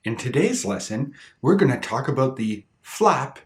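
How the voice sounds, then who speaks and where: A man teaching an English pronunciation lesson from a script, slowly and carefully demonstrating sounds with repeated example words. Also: mid-range voice, big pitch swings. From Canada.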